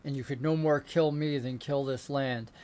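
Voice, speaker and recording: A man voicing an ancient, proud female witch bound to the land, speaking in a haughty, measured way. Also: medium pitch, steady tone, a little mellow, close to an everyday voice. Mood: defiant. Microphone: remote call setup.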